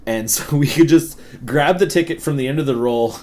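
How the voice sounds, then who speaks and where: A man's voice: on the high side, moderate pace, darkish tone. Profane laughing storyteller man. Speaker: podcast co-host. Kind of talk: casual storytelling chat.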